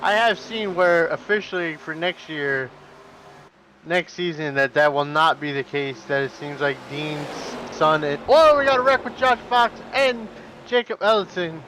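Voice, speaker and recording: A man co-commentating a sim race, rambling with restarts and deadpan jokes. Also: on the high side, a little slow, a little hiss or hum.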